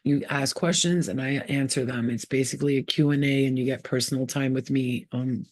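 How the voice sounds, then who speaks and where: A woman's voice: fairly quick, no echo, clean studio sound. A woman hosting her own channel as a spiritual healer, giving a casual, blunt pep talk full of swearing, acting out voices as she goes. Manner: blunt and profane, acts out quoted voices; animated, often jumps higher in pitch.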